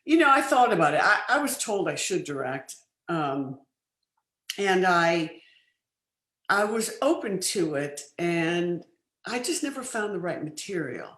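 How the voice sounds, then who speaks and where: An older woman, a film producer, chatting as an interview guest, telling lively stories with many restarts. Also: lowish voice, a little slow. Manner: lively anecdotal storytelling, frequent laughs and restarts. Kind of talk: casual interview chat. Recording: roomy studio sound.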